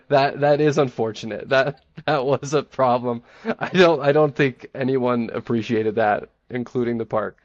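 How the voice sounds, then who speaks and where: A man giving an enthusiastic, playfully boastful pitch in a casual group chat, then taking questions. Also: unhurried, no room sound, highs cut off. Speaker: presenter defending a theme park in a group chat.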